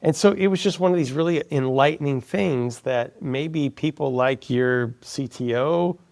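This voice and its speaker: Male guest, mid-pitched, gravelly, animated casual storyteller. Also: a little slow. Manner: animated, quotes others in a soft hushed voice.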